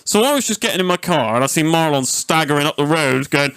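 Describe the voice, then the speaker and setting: A man's voice: fairly high pitch, fairly quick, few pauses. A young man, telling a rowdy, swear-filled story as a podcast host. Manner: sweary, animated anecdote-telling. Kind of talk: casual storytelling chat.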